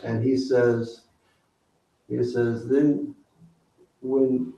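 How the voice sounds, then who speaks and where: A man giving a spiritual talk, teaching slowly and asking the audience questions. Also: mid-range voice, level tone, warm tone, a little hiss or hum. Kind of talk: sermon. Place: temple hall with audience. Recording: roomy, distant, dull hall recording.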